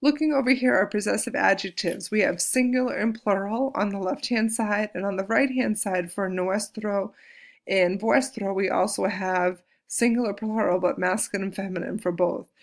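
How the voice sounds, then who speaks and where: Casting note: woman, Spanish teacher, gravelly edge, patient and clear, slows down to model words. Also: mid-range voice, fairly even intonation. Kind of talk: recorded classroom lesson.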